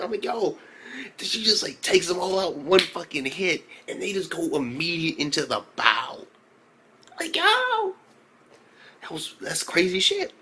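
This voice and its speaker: A young man giving a casual, profane, excitable recap of an anime episode, often breaking into high exclamations. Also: breathy edge. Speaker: anime reviewer.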